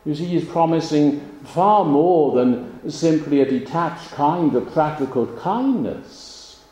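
A man preaching a sermon in a slow, measured way, leaning on pauses for emphasis. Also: fairly high pitch, lively intonation, warm tone, dull audio. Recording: roomy, echoey sound.

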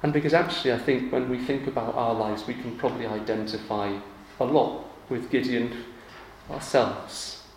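A man in his forties preaching a sermon in a relaxed, conversational way, turning animated when he acts out everyday examples. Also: medium pitch, normal speed. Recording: echoey room with faint ambient noise.

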